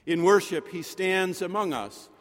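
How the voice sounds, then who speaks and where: A man preaching a sermon in a rhetorical manner, with dramatic pauses and soft drops in his voice. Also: sits high. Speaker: pastor. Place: chapel. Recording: long reverb of a chapel.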